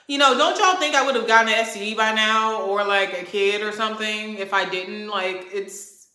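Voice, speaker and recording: A woman's voice: mid-range voice, fairly even intonation, moderate pace, sharp tone. A young woman venting angrily to her camera, heated and profane, hammering her points with emphasis. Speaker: vlogger. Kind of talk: angry venting rant to camera. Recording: echoey room.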